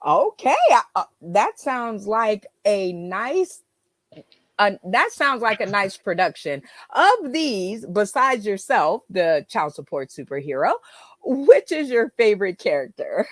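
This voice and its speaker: A woman's voice: mid-range voice, very animated, takes it slowly, no room sound. A woman hosting an interview show over a video call, asking guests questions in a friendly manner. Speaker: show host. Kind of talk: casual interview talk.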